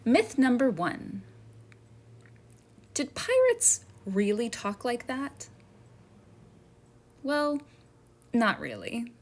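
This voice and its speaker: A woman's voice: on the high side, huge pitch swings, drawn-out words, pauses often. A woman museum educator, narrating a children's history lesson and asking her listeners friendly questions.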